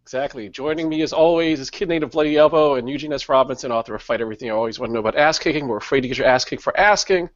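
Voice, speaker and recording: A woman's voice: very deep voice, very fast, hardly any pauses, no room sound, highs cut off. A woman hosting a comic segment on a podcast, reading a scripted intro and questioning the guests in a mock-serious way. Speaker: segment host.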